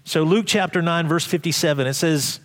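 A man preaching a sermon as pastor, lively and joking, with frequent restarts. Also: fairly high pitch, a little fast.

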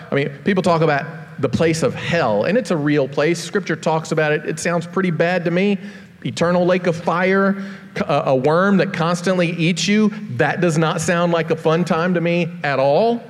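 Man preaching, earnest, slows down for the serious bits, kinda high voice, long church-hall echo. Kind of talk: sermon. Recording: long reverb of a large hall.

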